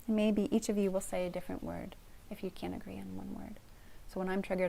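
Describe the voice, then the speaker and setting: A middle-aged woman therapist calmly teaching a couples communication skill, gentle and encouraging, often dropping to a soft whisper. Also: lowish voice, brisk, vocal fry, a little hiss or hum. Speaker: family therapist.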